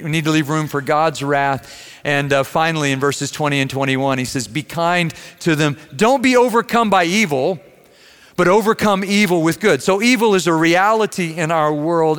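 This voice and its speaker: A man preaching a sermon as pastor, earnest, slowing down and stretching key words for emphasis. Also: on the high side, fairly bright tone. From Missouri, USA. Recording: long reverb of a large room.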